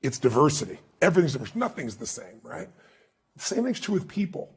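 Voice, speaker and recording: Gravelly, raspy man telling stories emphatically. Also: fairly high pitch, brisk. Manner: emphatic, animated, acts out quoted dialogue. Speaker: author being interviewed. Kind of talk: interview storytelling.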